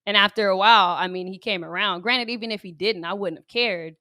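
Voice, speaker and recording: A woman co-hosting a podcast in casual chat, reflective and direct, chiming in with quick remarks. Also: mid-range voice, bright, forceful tone, no echo, clean studio sound. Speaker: podcast co-host.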